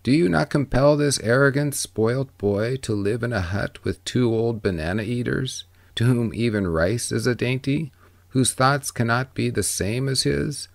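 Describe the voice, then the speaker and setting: A man reading the part of a wise old ferryman who speaks calmly, with gentle, measured questions. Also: mid-range voice, gravelly, no echo. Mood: gently probing. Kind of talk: audiobook reading.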